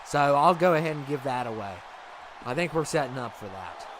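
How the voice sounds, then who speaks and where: A man talks to his livestream viewers in a loose, rambling way, laughing easily as he goes. His voice sits at an ordinary middle pitch. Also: animated, a little fast, a crowd in the background, noisy background. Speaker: livestream host. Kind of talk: casual chat with viewers.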